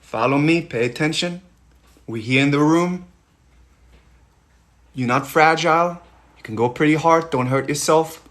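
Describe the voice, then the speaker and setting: A young man coaching listeners through a guided tapping session, speaking in slow, repetitive, encouraging phrases with audible sighs. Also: fairly high pitch, fairly bright tone.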